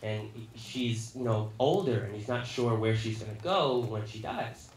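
A young man telling a personal story in casual, animated talk, full of likes and restarts. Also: on the low side, measured pace, roomy sound, slight background noise.

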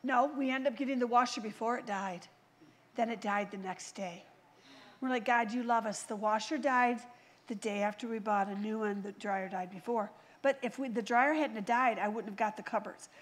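High-voiced woman preaching with lively storytelling. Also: moderate pace. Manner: animated storytelling, acts out quoted voices. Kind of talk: sermon. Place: church.

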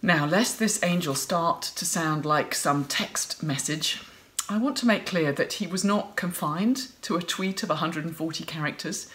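Expressive woman preaching a sermon. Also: lowish voice, moderate pace. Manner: expressive, acts out quoted voices playfully.

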